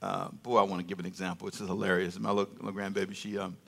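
A man's voice: low-pitched, little pitch movement, racing, gravelly, fairly bright tone. An older man preaching a sermon in a conversational way, repeating phrases and getting the congregation to answer him aloud.

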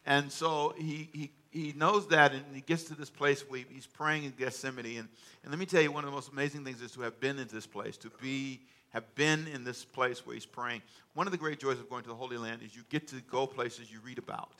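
A man preaching a sermon, calling for responses from the congregation and joking with them between loud, emphatic stretches. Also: medium pitch, fairly even intonation, a little fast. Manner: humorous asides to the congregation. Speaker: pastor. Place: church sanctuary.

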